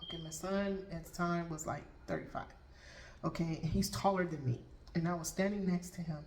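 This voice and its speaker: A woman's voice: on the low side, fairly even intonation, fairly quick, a little mellow. A middle-aged woman, a Reiki master and tarot reader, telling spiritual stories to viewers and checking in with "okay?" after nearly every point. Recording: roomy room with faint background ambience.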